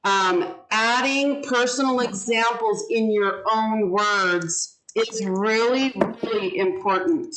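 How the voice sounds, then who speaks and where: Over a video call, a woman with a fairly high, slightly bright voice teaches a class, speaking deliberately as she models words and syllables for her students. The audio quality is poor.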